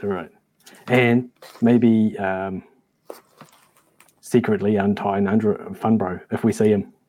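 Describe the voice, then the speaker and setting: A low, husky male voice belongs to a player at a tabletop game. He chats casually and jokes his way through the game, talking over the others. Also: little pitch movement, takes it slowly, darkish tone, rough recording. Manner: jokey, trying out a mock twangy accent. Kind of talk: casual play at a gaming table.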